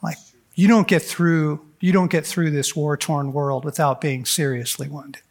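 A middle-aged man with a slightly raised voice speaks earnestly to a room of men. His delivery is animated and heartfelt. He sometimes drops into the voices of people in his stories. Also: fairly high pitch, measured pace. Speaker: speaker at a men's conference. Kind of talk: heartfelt talk to a men's gathering.

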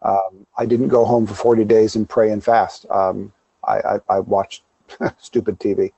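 A man's voice: on the low side, flat delivery, unhurried, vocal fry, dark tone, husky, highs cut off. A man, a pastor guest in an interview, talking candidly and with self-deprecating humor, telling stories with quoted asides. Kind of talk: conversational interview.

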